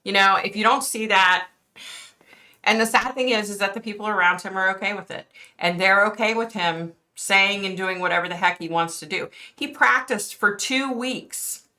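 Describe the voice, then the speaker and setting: A woman's voice: medium pitch, normal speed, bright, forceful tone. A middle-aged woman hosting a casual live stream, chatting with viewers in a chatty, outspoken, fired-up way with mild swearing. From East Coast of the United States. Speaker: livestream host reading viewer chat.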